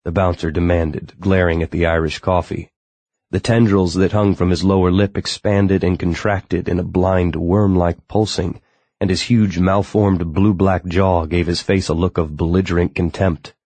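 A man narrating a novel in steady, scripted storytelling. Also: low voice, normal speed, no echo. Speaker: audiobook narrator.

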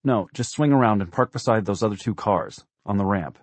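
A man's voice: fairly low pitch, fairly quick, no room sound, lightly acted. Man doing a firm, commanding mother. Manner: commanding, then soft. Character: firm, no-nonsense mother in the car.

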